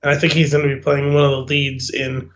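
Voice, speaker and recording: A man's voice: on the high side, completely flat delivery, fast talker, a bit bright, lo-fi sound. A man co-hosting a podcast in casual movie chat, acting out his own reactions. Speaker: podcast co-host.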